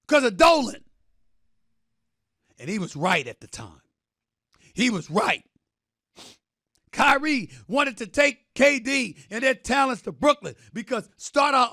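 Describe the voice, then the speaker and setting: A man hosting a sports debate show, delivering a theatrical, emphatic rant, often shouting and repeating phrases for effect. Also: very high voice, no echo, studio quality. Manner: drawn-out repetition for effect. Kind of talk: impassioned sports talk rant.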